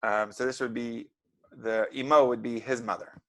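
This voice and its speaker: A man's voice: medium pitch, steady tone, moderate pace. A man teaching a Hebrew reading class over a video call, patient and encouraging as he explains letters and vowels step by step. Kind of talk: online group reading lesson.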